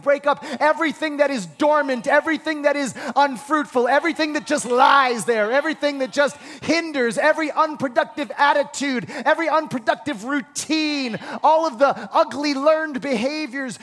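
A man preaching a sermon as pastor, emphatic and repetitive, sometimes dropping to a hushed prayerful voice. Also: very high voice, normal speed, few pauses.

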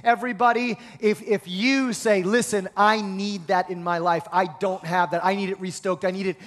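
A male pastor preaching a sermon with energetic rhetorical questions and call-and-response with the congregation. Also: high-pitched, moderate pace. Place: church hall. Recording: reverberant hall.

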